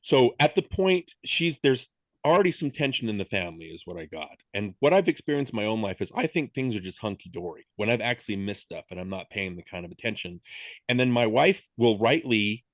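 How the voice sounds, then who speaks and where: A man's voice: fairly low pitch, very animated, brisk, no room sound. A middle-aged man co-hosting a podcast, chatting casually about a film, self-deprecating and often checking in with "right?". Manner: self-deprecating, thinks aloud with frequent "right?". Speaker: podcast co-host.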